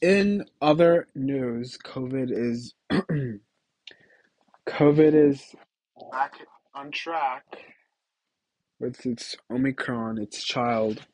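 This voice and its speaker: A man's voice: medium pitch, steady tone, very slow, long pauses, a little mellow, poor audio. A young man hosting a podcast, chatting casually and giggling through rambling stories with lots of fillers. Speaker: podcast host. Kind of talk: casual solo podcast chat.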